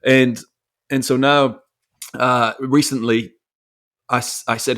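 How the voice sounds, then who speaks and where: A man's voice: medium pitch, flat delivery, slow, fairly bright tone. A man in his thirties, co-hosting a podcast, tells a personal family story in a reflective, earnest way with frequent restarts. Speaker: podcast co-host. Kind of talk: casual conversational storytelling.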